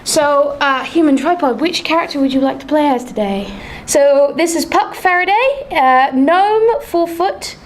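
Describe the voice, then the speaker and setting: A woman running a tabletop game as game master, narrating the story in a lively way with some fillers. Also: high voice, a little slow, slight background noise.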